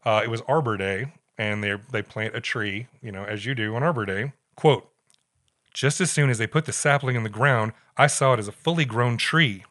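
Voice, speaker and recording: A man's voice: mid-range voice, normal speed, a bit bright. A man co-hosting a podcast, telling a story in a wry, casual way and reading quotes aloud. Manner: wry, reads quotes aloud with put-on voices. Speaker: podcast co-host.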